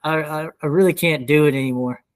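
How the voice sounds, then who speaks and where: A man's voice: a little high, a little fast, rough recording. A young man from South Louisiana with a twangy Southern accent, a podcast guest who rambles casually and swears a lot. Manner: rambling, profane, full of fillers. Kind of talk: casual chat.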